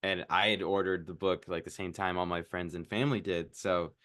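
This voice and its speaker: Low-voiced young man, rambling and self-mocking. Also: steady tone, brisk, fairly bright tone, no echo. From Iowa. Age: 20s. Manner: rambling, filler-heavy, laughs at himself. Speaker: podcast guest. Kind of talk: casual interview chat.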